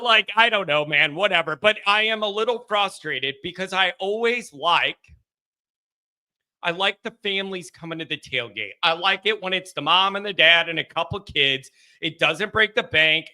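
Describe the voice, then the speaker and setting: A man running his own call-in sports show talks in a loose, rambling way, poking fun at himself as he goes. His voice sits high and rings sharp and bright. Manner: rambling, self-deprecating, quick laughs. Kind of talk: casual sports talk monologue.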